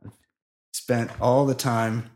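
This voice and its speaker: Profane, loose-talking comedy podcast host. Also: male voice, mid-range voice, level tone, slow. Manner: loose, profane, reads listener emails aloud. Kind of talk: crude comedic podcast chat.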